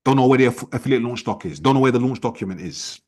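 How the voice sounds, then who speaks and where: A man leading an online sales team training, talking in a forceful, repetitive, challenging way. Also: mid-range voice, animated, quick pace. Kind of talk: motivational training talk.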